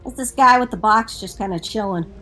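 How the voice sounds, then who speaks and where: A woman's voice: medium pitch, fairly quick, fairly bright tone, soft background music. A young woman making wry, jokey remarks while watching a game stream. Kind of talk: casual gameplay chat.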